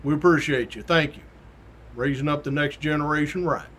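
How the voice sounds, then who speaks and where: Middle-aged male host, folksy storyteller, slightly high voice, plays the people in his stories. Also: fairly quick, a bit bright. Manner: folksy, acts out quoted voices with rising pitch. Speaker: podcast host, retired state trooper. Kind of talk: casual storytelling monologue.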